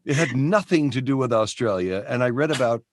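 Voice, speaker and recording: A man's voice: mid-range voice, animated, fairly quick, slight background noise. An American man co-hosting a podcast, telling stories in a playful, jokey way. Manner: playful storyteller. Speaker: podcast co-host. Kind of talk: casual interview chat.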